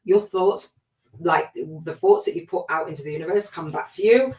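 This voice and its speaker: Middle-aged woman, low voice, chatty reflective podcast host, echoey room, distant mic. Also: animated, moderate pace, a little mellow. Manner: chatty and reflective, with many fillers. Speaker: spiritual life coach hosting a podcast. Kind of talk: casual spoken monologue.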